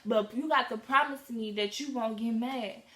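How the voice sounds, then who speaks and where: A teenage girl voicing her best friend as a girl who passes on a secret in a hushed, rushed way. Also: a little high, lightly acted. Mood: urgent. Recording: echoey room.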